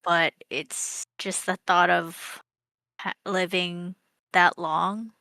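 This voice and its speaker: A woman chatting calmly and thoughtfully with her co-host in a casual conversation. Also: fairly low pitch, slow pace, gravelly, no room sound. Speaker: co-host of an art stream. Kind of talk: casual chat.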